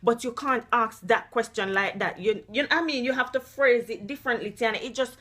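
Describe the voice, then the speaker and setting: A woman's voice: a little high, brisk, a bit bright. A mother vlogger, lecturing her daughter in casual chat and laughing often, sounding tired and unwell. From Jamaica. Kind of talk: casual family vlog chat.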